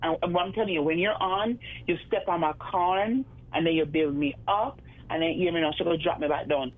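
A woman's voice: fairly low pitch, a little fast. A blunt Jamaican woman calls in to a radio show and talks straight from the hip. She slides between plain English and patois as she goes. Her voice comes through a thin, tinny phone line. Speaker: caller. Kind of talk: call-in radio chat.

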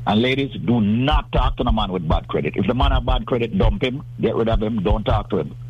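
A man's voice: fairly low pitch, fairly quick, slightly rough, muffled recording. A man talking about credit as a guest on a radio talk show, emphatic and salesman-like, often repeating his words.

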